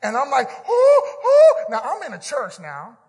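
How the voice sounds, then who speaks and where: A man preaching and telling a story of his own, swinging from hushed quoted lines to loud shouts. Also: extremely high pitch, fairly quick, in a large hall. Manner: animated testimony, whispering quotes then shouting. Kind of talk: storytelling sermon.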